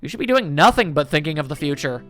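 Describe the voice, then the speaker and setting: A man voicing a patient male schoolteacher who lectures in a measured, roundabout way while reading a visual novel aloud. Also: fairly high pitch, big pitch swings, a bit bright, soft background music. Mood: lecturing.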